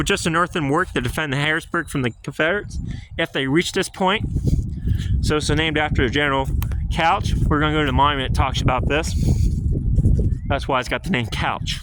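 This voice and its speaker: Male vlogger from central PA, casual and jokey on an outdoor tour, bright, fairly high voice. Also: a little hiss or hum. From central Pennsylvania. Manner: chatty, joking, loosely rambling. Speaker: history vlogger. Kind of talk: casual walking tour vlog. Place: outdoors on a hilltop park.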